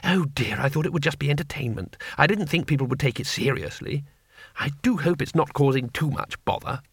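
A man's voice: a little high, lively intonation, fairly quick, husky, no room sound. A man voicing a timid, mild-mannered male tourist who talks in an earnest, apologetic way. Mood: fretful.

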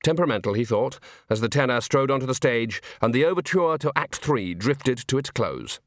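Male narrator, expressive comic storytelling, middle pitch, dry studio feel. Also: fairly quick, dry recording. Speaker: audiobook narrator. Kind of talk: scripted narration.

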